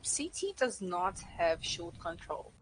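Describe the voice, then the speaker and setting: A woman's voice: on the low side, big pitch swings, slow. Chatty South African woman casting a game. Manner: chatty, code-switches, reads chat aloud. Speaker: esports caster. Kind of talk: live game commentary. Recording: faint background noise and clicks.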